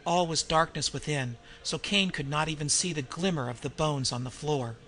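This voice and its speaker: A man narrating an audiobook in a steady, dramatic reading. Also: fairly high pitch, normal speed, faint music behind, low-quality recording.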